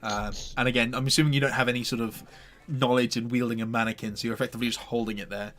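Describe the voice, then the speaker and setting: A man narrating a tabletop game as game master, rambling and relaxed. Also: medium pitch, racing. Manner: rambling, full of fillers and restarts, relaxed.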